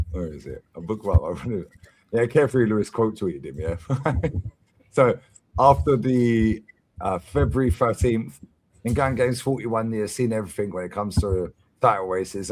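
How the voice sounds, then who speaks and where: A husky-voiced man with a London accent chatting in boisterous, slangy football banter. His voice swings widely as he jokes and riffs. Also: lowish voice, low-quality recording. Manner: animated, boisterous, slangy, quick to laugh. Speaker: fan channel co-host.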